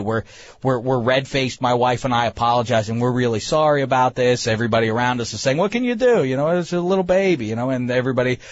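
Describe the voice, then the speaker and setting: A man, host of a talk show, telling a comic story in an animated, self-mocking way with many stammering restarts. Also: mid-range voice, no room sound, lo-fi sound. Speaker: podcast host.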